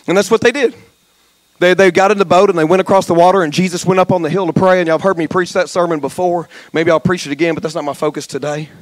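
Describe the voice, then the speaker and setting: High-voiced preacher, shouting and joking. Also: male voice, fast, no room sound. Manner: passionate, swings from quiet asides to shouted exhortation; folksy, joking asides. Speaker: pastor. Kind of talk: sermon. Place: church sanctuary.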